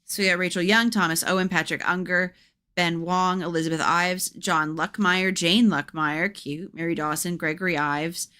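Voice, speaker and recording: A woman's voice: lowish voice, steady tone, normal speed, sharp tone, smooth. A woman streamer reading a gamebook aloud and breaking off for chatty, wry asides.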